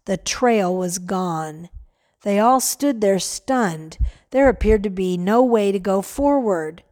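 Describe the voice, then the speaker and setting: A woman narrating a story aloud in a gentle, measured way, lightly voicing the characters. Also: mid-range voice, animated.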